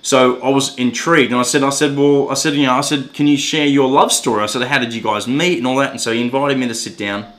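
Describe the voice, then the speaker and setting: A man's voice: mid-range voice, steady tone, fast, hardly any pauses, a bit bright. A man hosting a podcast, telling a personal story in an earnest way, often stammering and repeating words. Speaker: podcast host.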